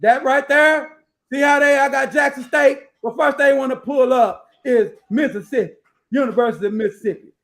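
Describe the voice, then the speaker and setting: Man, high voice, host, casual live commentary, blunt, profane, rambling, reads aloud from screen. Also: normal speed, gravelly.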